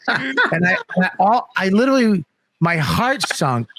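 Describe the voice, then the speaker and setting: A middle-aged man telling animated, profane stories on a comedy podcast. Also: sits high, a little slow, slight background noise. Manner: animated, profane, acts out voices in his story. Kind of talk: casual storytelling on a comedy podcast.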